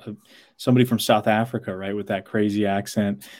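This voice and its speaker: An animated man from New England chatting. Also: lowish voice. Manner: animated storytelling, quick asides, laughs at himself. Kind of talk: casual chat.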